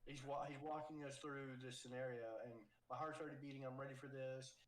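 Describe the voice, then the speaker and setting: A man in his thirties co-hosting a podcast, telling stories in an animated, casual way. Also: mid-range voice, a little fast. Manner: storytelling, animated. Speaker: podcast co-host. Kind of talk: casual chat. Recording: echoey room.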